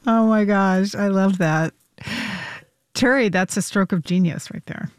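A woman's voice: medium pitch, measured pace, smooth, dry recording, clean studio sound. A woman hosting a radio interview, asking interested questions and reacting with delight. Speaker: radio host.

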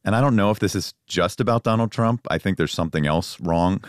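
A middle-aged journalist and co-host muses aloud in a conversational political discussion, reflective and earnest. His voice sits low and moves fairly quick, recorded dry with clean studio sound.

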